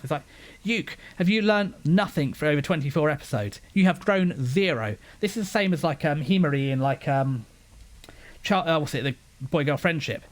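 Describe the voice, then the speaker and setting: A man's voice: a little high, animated, normal speed. Exasperated man ranting an anime review. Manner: exasperated ranting, many restarts. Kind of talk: casual spoken review.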